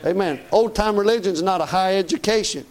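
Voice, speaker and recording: A man's voice: high voice, fast, poor audio. A man preaching a sermon to a congregation in a church, emphatic and folksy, firing off rhetorical questions and calling for amen.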